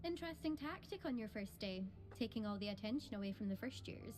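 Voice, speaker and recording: A woman's voice: a little high, animated, fast, darkish tone, natural voice. An actress with a Scottish accent playing a boastful young female student flier in a video game, haughty and self-assured.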